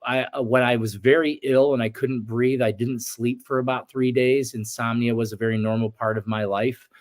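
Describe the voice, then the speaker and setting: A man's voice: medium pitch, steady tone, normal speed. Earnest man telling a spiritual story. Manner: earnest, reflective, acts out his own past outbursts. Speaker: shaman guest. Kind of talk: storytelling in a podcast interview.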